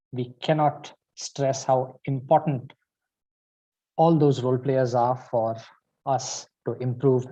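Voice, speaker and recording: A man hosting a speaking club meeting, speaking in a measured, drawn-out way and coaxing people to repeat a word. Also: mid-range voice, mellow, dull audio. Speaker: meeting host.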